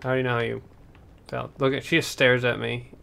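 A man giving chatty, excitable let's-play commentary, talking to the game's characters as he plays. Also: medium pitch, quick pace, gravelly. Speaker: gameplay commentator.

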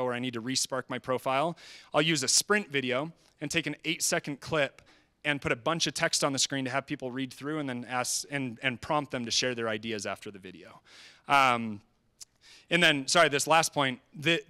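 A man presenting at a training session, talking in an energetic, conversational way and quoting people in quick asides. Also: mid-range voice. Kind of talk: live presentation. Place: presentation hall.

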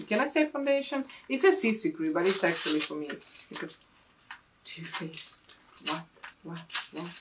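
A woman's voice: on the low side, noisy background. A woman beauty vlogger unboxing a gift box at her desk, gushing and repeating how much she loves each item. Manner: gushing, repeats "love it" over and over. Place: home desk.

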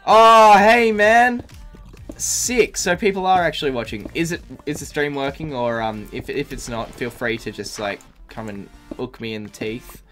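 A man streaming a game live, tired, talking in a rambling, profane way full of fillers and restarts. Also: medium pitch. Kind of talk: casual live-stream chat. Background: faint music.

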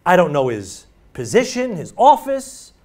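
A man's voice: high-pitched, huge pitch swings, measured pace, a little mellow. A male pastor preaching a sermon in a church, emphatic and repetitive as he drives his points home. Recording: voice from far off the mic.

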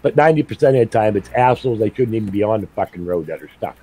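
A man's voice: on the low side, expressive, rapid-fire, warm tone, husky, poor audio. A middle-aged man streaming a game, telling blunt, profane stories in casual chat. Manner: blunt, profane storytelling with laughs. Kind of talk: casual chat while gaming.

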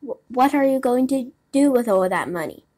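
A woman's voice: sits high, lively intonation, normal speed, a little mellow, voice pushed up. A woman plays a cunning male fox from a storybook. He talks in a courteous, coaxing way that hides his greed. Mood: sly. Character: sly smooth-talking male fox, cunning.

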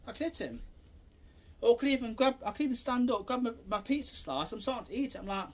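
A man giving a rambling, repetitive self-defence demonstration, acting out scenes and bursting into shouted sound effects. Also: very high voice, animated, fast talker, a little hiss or hum. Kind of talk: casual demonstration talk.

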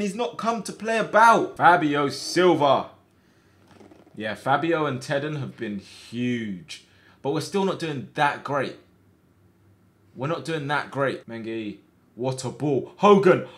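A man streaming a football management game, reacting out loud with groans and cheers as he commentates. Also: medium pitch, a little slow. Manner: excitable, shouts at players, swings between groans and cheers. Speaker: gaming streamer.

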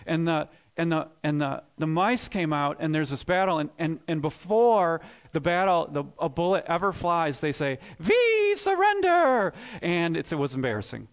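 A man preaching a sermon as pastor, swinging between loud emphatic bursts and hushed low lines, often repeating words as he builds a point. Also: normal speed, few pauses. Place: church sanctuary.

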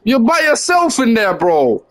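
A man's voice: very high voice, sing-song, measured pace, a bit bright. A young man on voice chat while playing a basketball video game, coaching his teammates and teasing them, repeating short commands over and over.

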